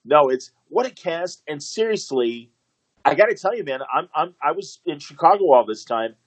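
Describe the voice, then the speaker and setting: A man hosting a casual interview, enthusiastic and quick with praise, often saying "man". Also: on the high side, lively intonation, no room sound, lo-fi sound. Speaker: podcast host.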